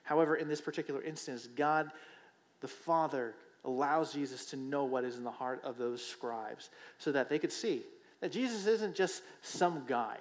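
A man preaching a sermon in a conversational way, often checking in with the listeners with a rhetorical question and repeating phrases for emphasis. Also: on the high side. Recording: long hall reverb.

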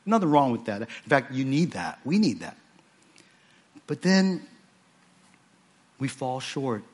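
A man's voice: medium pitch, very animated, slow, darkish tone, slightly rough. A man preaching an earnest sermon to his own church, stressing points by repeating phrases. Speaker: pastor.

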